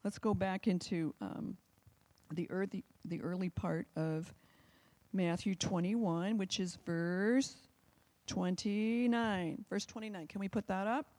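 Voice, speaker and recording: A woman's voice: medium pitch, steady tone, takes it slowly, darkish tone. A woman preaching a live sermon to a church, conversational and fervent, often turning to the congregation with questions. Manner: fervent, urgent emphasis. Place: church service, also streamed online.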